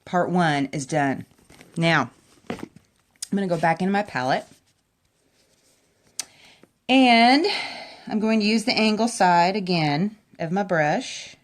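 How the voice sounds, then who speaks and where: A woman giving a chatty, enthusiastic makeup tutorial at home, talking straight to her viewers. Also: medium pitch. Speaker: makeup vlogger. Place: at home by a window.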